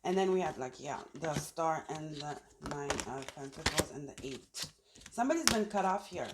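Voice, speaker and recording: Outdoors in the sun, a woman pulls tarot cards for a casual reading, chatting and working through her thoughts aloud. Her low voice is expressive and moves at a normal speed, against a very noisy background.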